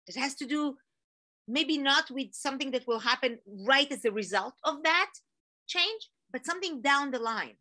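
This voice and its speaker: A woman giving an energetic, animated motivational talk to an online audience, telling a story with rising emphasis. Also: high-pitched, normal speed. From Israel. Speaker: motivational speaker.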